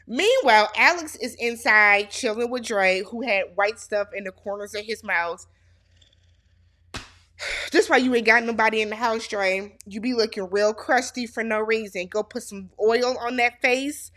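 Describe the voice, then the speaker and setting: A woman's voice: a little high, unhurried, bright, forceful tone. Sassy woman recapping reality TV. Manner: sassy, talks straight to the show's cast. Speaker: reality show recap host. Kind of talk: casual show recap commentary.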